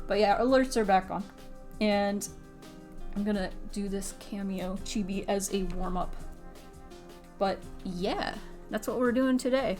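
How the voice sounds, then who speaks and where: A woman's voice: mid-range voice, measured pace, long pauses, a little mellow, soft background music. Chatty, swearing woman streaming her art. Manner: chatty, scattered, swears freely and laughs. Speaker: streaming artist. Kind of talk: casual live-stream chat.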